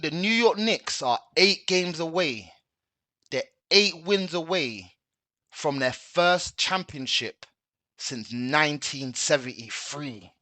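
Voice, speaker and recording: A man's voice: a little high, lively intonation, slow, pushed and bright, no echo. A man hosting a slangy, rambling sports chat. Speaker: host. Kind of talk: casual chat.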